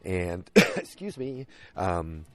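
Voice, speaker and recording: A man's voice: low voice, very animated, very slow. Rambling man recapping a TV episode. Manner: rambling, retells scenes in quoted voices, many fillers and restarts. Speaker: podcast host.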